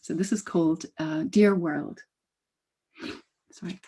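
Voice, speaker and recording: A woman reads her poetry at an unhurried, measured pace. Her voice is mellow and dark, with a slightly husky edge. Between poems she drops into quiet, casual asides. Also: lowish voice, fairly even intonation. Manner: slow, measured reading with soft spoken asides between poems. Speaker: poet. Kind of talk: poetry reading.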